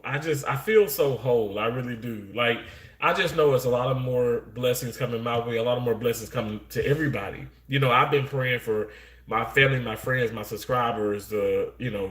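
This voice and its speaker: A man chats casually to his livestream viewers. His voice sits at an ordinary pitch and rings in a roomy, echoey space. He rambles warmly, circling back with fillers and restarts. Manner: Southern-flavored speech, says y'all. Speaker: livestream host. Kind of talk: casual chat to live chat viewers. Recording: roomy echo.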